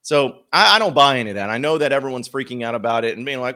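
A male sports podcast host talking in a casual, blunt way. His pitch swings widely as he fires off rhetorical questions. His delivery is emphatic and opinionated. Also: sing-song, brisk, sharp tone.

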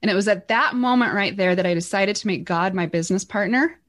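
A woman telling a motivational story, animated, acting out the voices in her quotes with big jumps in pitch. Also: fairly quick. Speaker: guest speaker.

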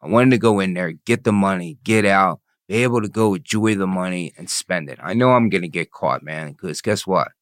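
A man's voice: deep voice, a little fast, few pauses, dry recording, studio quality. A man telling his own story in an interview, blunt and profane, often asking "you know what I mean". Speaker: interview guest.

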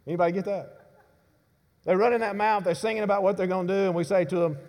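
A man preaching a sermon to his congregation. He delivers emphatic declarations, drops to hushed low lines, and often asks the congregation questions. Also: brisk, pauses often. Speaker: pastor. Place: church sanctuary. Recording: reverberant church hall.

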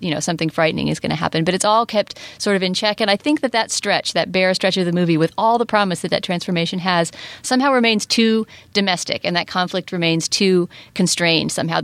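A woman hosting a podcast, talking quickly and enthusiastically in casual chat and reading a sponsor spot. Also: on the low side, creaky, no room sound. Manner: fast, talkative, enthusiastic. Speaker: podcast host.

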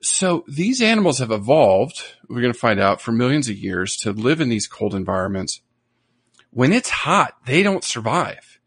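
A man's voice: mid-range voice, very animated, normal speed, fairly bright tone, husky, dry recording. A man co-hosting a podcast in casual chat, enthusiastic and nerdy, rambling a bit as he explains things. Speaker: podcast co-host.

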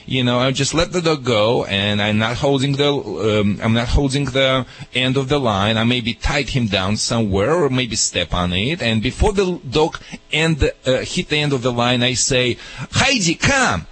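Man, dog trainer, emphatic, joking, mid-range pitch. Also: moderate pace, a bit bright, rough recording. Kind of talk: radio call-in advice.

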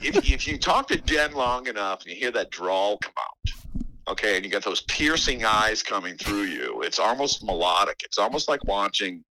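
Animated teasing man on a phone call. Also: lowish voice, normal speed, a little hiss or hum. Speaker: phone-in caller.

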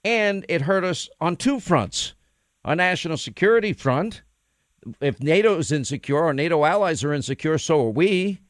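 Male opinion radio host: combative, rapid-fire, emphatic; slightly high pitch, dead-dry studio sound. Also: animated, no room sound. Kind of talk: political opinion talk show.

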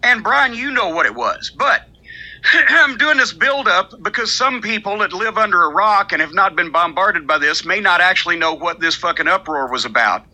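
An older man hosting a podcast, spinning a profane story in loose casual chat. His voice sits high and cuts through with a very bright, forceful edge. He mocks the people he quotes with sharp put-on voices. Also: animated, moderate pace, poor audio. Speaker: podcast host.

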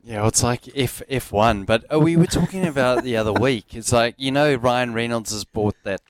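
A man's voice: mid-range voice, normal speed, a little hiss or hum. A man co-hosting a casual sports radio show, chatting enthusiastically and rambling a little with fillers. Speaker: radio co-host.

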